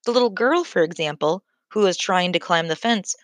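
A woman narrating a children's book in a measured, clear storytelling manner. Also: lowish voice, animated, no room sound. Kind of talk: scripted audiobook narration.

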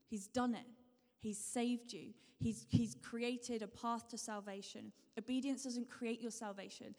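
A woman preaches to her congregation, circling back to her points again and again and asking them questions as she goes. Her voice sits a little high. The sound rings out with the long reverb of a large hall. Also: a little mellow. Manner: repetitive, encouraging, asks the congregation questions. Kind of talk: sermon.

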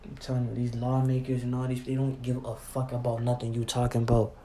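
A man's voice: medium pitch, completely flat delivery, quick pace, warm tone, slight background noise. Young man ranting in a roomy space. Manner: profane, heated, repeats "bro" and restarts often. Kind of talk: ranting monologue to camera. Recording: roomy echo with faint ambience.

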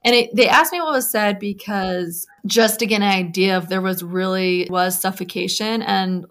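A woman's voice: medium pitch, moderate pace, a bit bright. A woman telling her own story in an interview, speaking candidly with frequent fillers and restarts. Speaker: guest recounting a personal story.

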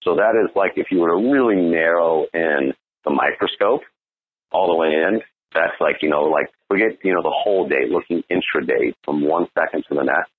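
A man's voice: low voice, moderate pace. A man coaching on dating in a blunt, profane monologue, asking "right?" as he goes. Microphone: phone. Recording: tinny phone line.

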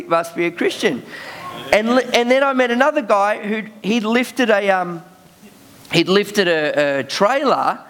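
A young man preaches in a casual storytelling style, slipping in fillers and laughing as he goes. His voice sits a little higher than most men's. He sounds loose and animated rather than formal. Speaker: pastor. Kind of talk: sermon storytelling.

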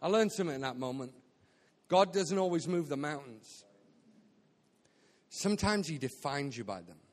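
A man with a high, bright-pitched voice preaches a story-driven sermon, joking and acting out his own quotes with lively energy. He was recorded live in a church hall, and his voice carries a long reverb tail. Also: normal speed. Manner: animated, jokey, acts out quotes. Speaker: guest speaker at a church. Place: church auditorium.

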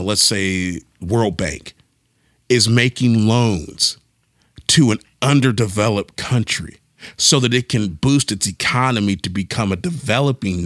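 A man co-hosting a podcast, talking in an animated, casual way and thinking aloud with frequent restarts. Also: lowish voice, measured pace, no room sound, clean studio sound. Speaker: podcast co-host. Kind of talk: casual discussion.

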